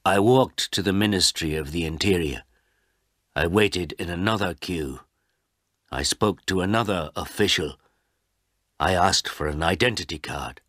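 A man reading a first-person story aloud as narrator, in slow, deliberate, plain sentences. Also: low voice, a bit bright, no room sound, studio quality. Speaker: audiobook narrator.

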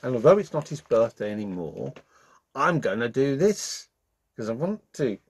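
A medium-pitched, slightly rough male voice with big pitch swings moves at a moderate pace through a children's bedtime story. Acting as the channel's friendly storyteller, he's warm-hearted and playful and joins in singing.

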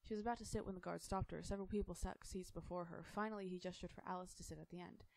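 A woman narrating a storybook aloud in a steady, plain storytelling way. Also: fairly low pitch, very fast, vocal fry, dry recording, low-quality recording.

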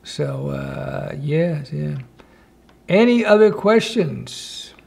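A man's voice: on the high side, lively intonation, extremely slow, creaky, a little mellow. A man hosting a casual live-stream Q&A, reading chat questions aloud and answering with wry asides from his home office.

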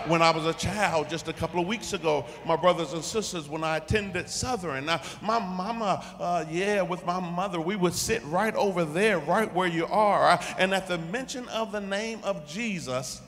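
Bright-voiced preacher in an echoing church. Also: male voice, high voice, normal speed, few pauses. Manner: preaching with frequent "uh" fillers and repetitive call-and-response litany. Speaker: guest preacher. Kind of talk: sermon. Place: church sanctuary. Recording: long church reverb.

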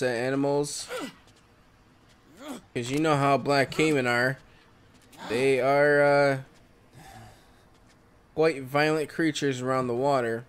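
A man's voice: mid-range voice, a little hiss or hum. A man giving casual solo commentary over a survival game, exclaiming at surprises. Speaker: gameplay commentator.

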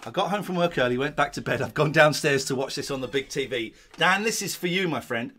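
A man's voice: animated, fast talker, few pauses, pushed and bright, a little hiss or hum. A middle-aged man, giving rambling, chatty commentary while watching an old show in his living room at home. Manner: rambling, chatty, drifting into low asides. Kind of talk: casual watch-along commentary.

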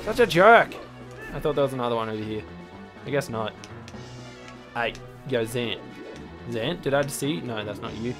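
A young man in casual let's play commentary, swearing a lot and bursting into yells at enemies. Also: mid-range voice, moderate pace, long pauses. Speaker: gaming channel host. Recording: faint game music behind.

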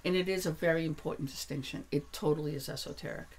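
A woman's voice: sits low, steady tone, fast talker, a little mellow, husky. A woman talking about her spiritual work in a casual conversation, blunt and emphatic, swearing freely as she gets heated. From New Hampshire. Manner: grows heated and insistent. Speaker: author and energy worker guest.

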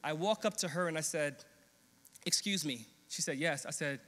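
A young adult man preaching, telling a personal story with earnest, animated quoted dialogue. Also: fairly high pitch, normal speed. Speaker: pastor. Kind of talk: sermon storytelling. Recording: long hall reverb.

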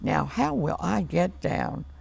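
A woman's voice: fairly low pitch, wildly swooping pitch, slow, vocal fry, a little mellow, slightly rough, full character voice. A woman reading the part of a tiny polite man who wants to get home, in a children's storybook reading. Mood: polite, pleading. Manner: pleading, polite.

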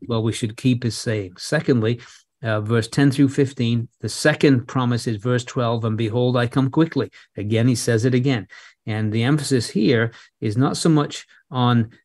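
A man preaching an expository sermon in a measured way, leaning hard on key phrases and now and then repeating words. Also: mid-range voice, darkish tone, breathy edge, dry recording, clean studio sound.

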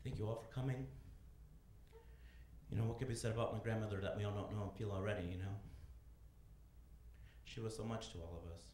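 A man doing stand-up comedy, telling profane, animated stories on a club stage. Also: on the low side, a little fast, long pauses. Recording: echoey club with audience noise.

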